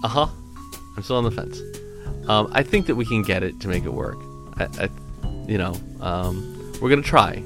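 A man talks candidly and bluntly in a casual chat, animated, and often slips into mimicking other people. His voice sits somewhat low, with faint music underneath at times. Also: moderate pace, long pauses.

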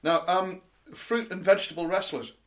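Playful storytelling man, higher voice. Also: fairly even intonation, moderate pace. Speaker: podcast co-host. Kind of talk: casual comedic chat.

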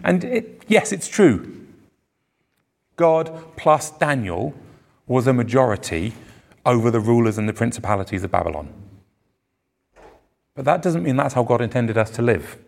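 Speaking into a mic for a live church congregation, a pastor delivers a sermon in a mid-range, slightly mellow voice that's gravelly with fry. His sing-song preaching moves at normal speed with frequent pauses, earnest and emphatic, climbing on key words.

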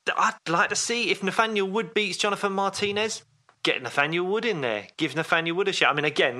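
A man's voice: on the high side, sharp tone. A man co-hosting a sports podcast in casual chat, rambling with fillers and restarts. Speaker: podcast co-host.

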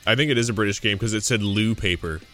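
A man with a lowish voice rambles through a loose gaming podcast chat, dropping swear words and laughing along the way. Faint music hums behind him. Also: fast talker, fairly bright tone. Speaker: podcast host. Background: faint game audio and music.

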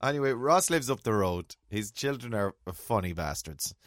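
A middle-aged man chats loosely as co-host, his low voice swinging up and down as he spins a comic story. The sound is dry and close, with no room around it. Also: moderate pace, no echo. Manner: storytelling, lively, full of laughs. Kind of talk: casual chat.

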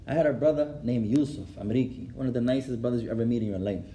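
Teaching a class about Islam, this man moves between Arabic and English with running translation, repeats phrases to stress them and laughs at his own stories. He has a mid-range, dark voice and a quick pace.

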